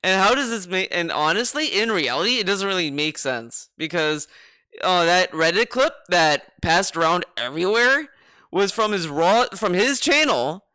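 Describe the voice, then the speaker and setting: Sarcastic, rambling man with a bright voice. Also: high-pitched, lively intonation, moderate pace, clean tone, no echo, studio quality. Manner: sarcastic, rambling, repeats himself. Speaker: streamer reacting to a video. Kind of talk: casual reaction commentary.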